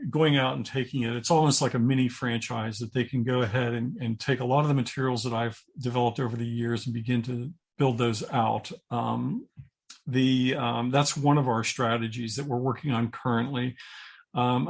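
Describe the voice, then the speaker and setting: Husky-voiced middle-aged male coach. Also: medium pitch. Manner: earnest, halting, repeats words while thinking. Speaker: guest, purpose coach and speaker. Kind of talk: interview conversation.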